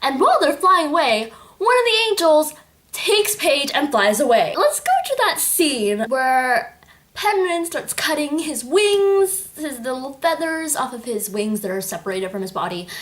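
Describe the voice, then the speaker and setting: A woman chatting casually in a book review vlog, gushing and animated as she recaps the story. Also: sits high, measured pace. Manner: animated, gushing, with acted-out quotes.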